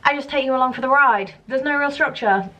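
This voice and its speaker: A woman's voice: high-pitched, quick pace, pushed and bright. A British woman in her thirties chatting casually to camera in a rambling, self-deprecating vlog. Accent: British English. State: pregnant. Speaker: vlogger.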